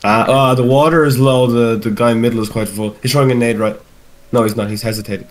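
A man in casual gaming voice chat, giving rapid callouts, swearing and joking with a teammate over a headset. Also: mid-range voice, fairly even intonation. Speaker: player in a team match. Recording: noisy game audio behind.

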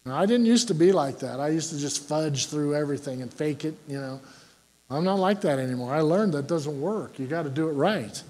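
Delivering a sermon, an older pastor speaks in a mellow, expressive voice that sits fairly high for a man, moving briskly. He keeps it folksy and full of jokes, throwing questions to his congregation.

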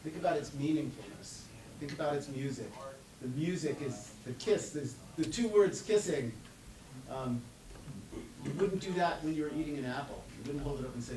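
A man giving a lively conference lecture, reciting poems aloud and quizzing the audience. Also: on the high side, moderate pace. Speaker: conference speaker. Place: conference hall. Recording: echoey hall from far off.

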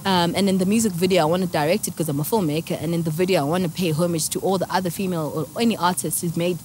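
Soft-spoken South African woman. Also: lowish voice, fairly even intonation, racing, a little hiss or hum. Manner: reflective, emotional storytelling. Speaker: guest musician. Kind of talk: casual interview talk.

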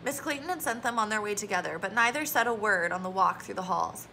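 A woman reading a children's novel aloud in a steady storytelling manner. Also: medium pitch, quick pace, gravelly, a little hiss or hum, low-quality recording. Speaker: audiobook reader.

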